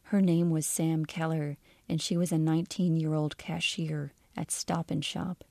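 A woman author reading aloud from her own literary fiction in a measured, even storytelling manner. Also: low-pitched, gravelly, dry recording, clean studio sound.

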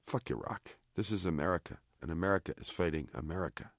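A man reading aloud, voicing a chatty, bossy army sergeant in an offhand, brisk manner. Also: low voice, no room sound, studio quality. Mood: brusque. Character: gruff chatty male army sergeant, blunt.

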